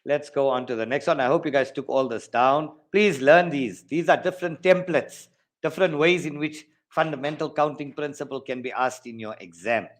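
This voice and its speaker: South African male maths teacher on a video call, fairly high voice, lively, counts steps aloud. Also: normal speed. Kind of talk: online exam-prep lesson.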